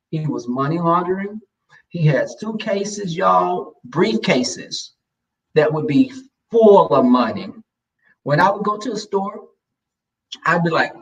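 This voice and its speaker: A man telling a personal story in a casual chat, sassy and animated, acting out what people said. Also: fairly high pitch, recorded from a distance, dull audio. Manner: animated, sassy, acts out quoted lines.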